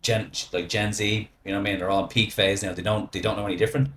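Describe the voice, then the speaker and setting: A middle-aged man with an Irish accent rambles through a casual podcast chat, keeping the listener with him through constant "right?" and "you know". His voice sits fairly low, and a faint hiss runs underneath. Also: little pitch movement, fast talker, fairly bright tone. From Ireland. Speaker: guest.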